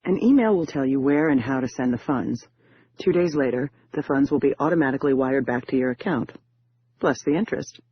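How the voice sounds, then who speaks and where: A man voicing a confident female con artist who briefs in a smooth, businesslike way, on a muffled lo-fi recording. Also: mid-range voice, fairly quick, dry recording, natural voice.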